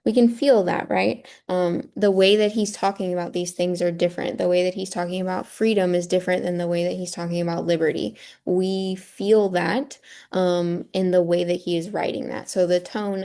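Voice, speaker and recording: Woman teacher, low-pitched, gravelly edge, patient step-by-step explainer for a screen-share lesson. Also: warm tone. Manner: patient, checks in with rhetorical "right?".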